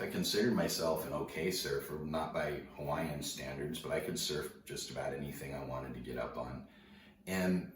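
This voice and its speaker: A man casually telling a story to an audience, laid-back and slangy, animated as he recounts it. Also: rumbling low. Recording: roomy, distant mic, faint noise.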